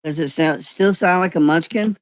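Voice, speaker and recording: A man's voice: a little high, normal speed, no room sound. A man hosting a casual live stream chat through a voice changer filter. He rambles, uses lots of fillers and thanks viewers by name.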